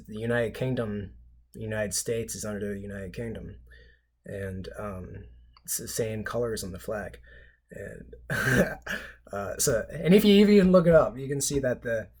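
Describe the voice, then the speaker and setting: A man hosting his own channel, talking in a casual, unscripted monologue that rambles and halts, with frequent restarts and small chuckles. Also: mid-range voice. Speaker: channel host.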